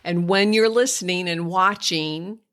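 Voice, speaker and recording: An older woman, a speech therapist hosting a podcast, patiently explaining to parents how to help toddlers speak clearly. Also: lowish voice, a little slow, fairly bright tone. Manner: patient, explanatory, slips into exaggerated child-directed speech when modeling. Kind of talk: instructive podcast talk to parents.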